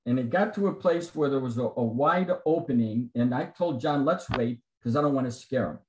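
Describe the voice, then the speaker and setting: Speaking at medium pitch and normal speed, a guest at a men's Bible study tells his personal testimony over a video call, voicing the dialogue of the people in his story. The computer mic gives a roomy sound with a little hiss or hum, and the audio is poor.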